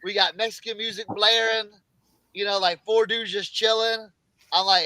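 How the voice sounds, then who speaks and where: A middle-aged man hosting a casual reseller chat, telling a rambling, animated anecdote full of restarts. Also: sits high, normal speed, dry recording, rough recording. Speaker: reseller podcast host.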